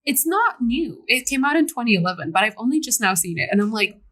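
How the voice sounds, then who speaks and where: Young woman, bright tone, animated casual podcast chat. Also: fairly high pitch, fast. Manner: animated, laughs often, swears. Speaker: podcast co-host.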